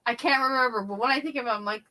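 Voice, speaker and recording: A woman's voice: a little high, very fast, pushed and bright. Middle-aged woman, livestream host, casual chatty storyteller who laughs a lot. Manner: chatty, laughs often, acts out quoted voices. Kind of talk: casual chat.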